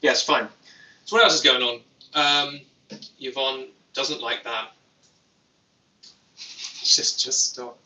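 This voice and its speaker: A man's voice: medium pitch, steady tone, takes it slowly, pauses often, bright, forceful tone, reverberant, distant mic, low-quality recording. A young British man hosting a casual livestream, reading chat aloud with dry, self-mocking humor. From Britain. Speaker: YouTube host. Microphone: phone.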